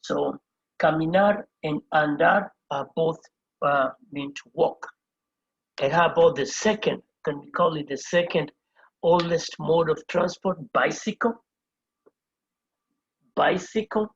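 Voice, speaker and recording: A Spanish teacher works through a whiteboard lesson indoors, patiently explaining step by step, spelling every word out letter by letter and repeating each term. The voice is medium in pitch, steady, a little slow and slightly rough, and the recording has its highs cut off.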